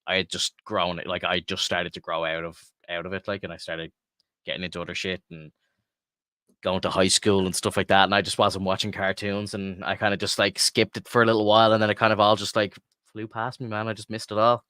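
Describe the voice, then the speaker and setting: A man's voice: deep voice, little pitch movement, a little fast, fairly bright tone, clean tone, no room sound, clean studio sound. A man from Ireland co-hosting a podcast, chatting casually and rambling with lots of filler words and swearing. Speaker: podcast co-host. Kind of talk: casual chat.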